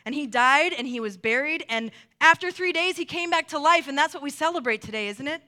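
A woman preaching a sermon, earnest, dropping soft and slow when she quotes scripture. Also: high voice, expressive.

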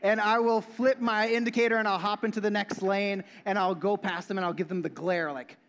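A man's voice: high voice, fairly even intonation, a little fast, fairly bright tone. A young man preaching a casual sermon, joking and asking the audience questions. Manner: playful, talks with the audience. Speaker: pastor.

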